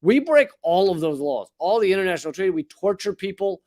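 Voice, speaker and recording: A man's voice: sits high, big pitch swings, a little fast, a little mellow. A man in his forties hosting a comedic political monologue, sardonic and profane, riffing with asides while reading news stories. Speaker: comedian and political commentary host.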